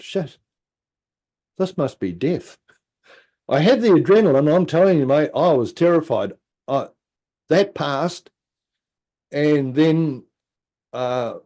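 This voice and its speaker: A middle-aged man, a podcast guest telling a personal story in a casual, animated way, acting out quotes and dropping into low asides.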